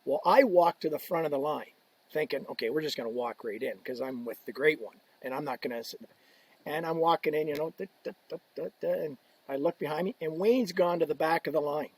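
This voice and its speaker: A slightly high, husky man tells a story on a podcast. He talks casually and puts on the voices of the people in it. The tone stays loose and lively. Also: a little fast, no room sound, poor audio. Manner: animated storyteller, acts out quoted voices. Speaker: podcast guest.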